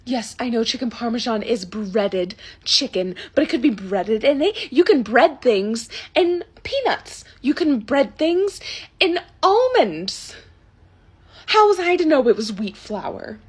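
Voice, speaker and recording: A young woman plays an entitled middle-aged customer who demands everything in a high, swooping, sing-song voice. She complains indignantly, stumbling and restarting her sentences, at an unhurried pace with a slightly rough tone, fully in character.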